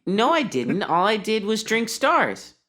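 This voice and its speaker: A man's voice: mid-range voice, lively intonation, moderate pace, fairly bright tone. A man voicing a naive, sheltered male monk adventurer who talks in an earnest, matter-of-fact way during tabletop role-play. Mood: indignant.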